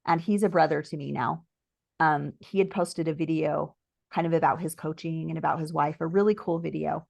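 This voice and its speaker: A woman telling her personal story as an interview guest, earnest and reflective, often using "like" and sometimes slowing to a soft, near-whispered pace. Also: sits low, fairly even intonation, vocal fry, dry recording. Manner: earnest and reflective, with many "like" fillers.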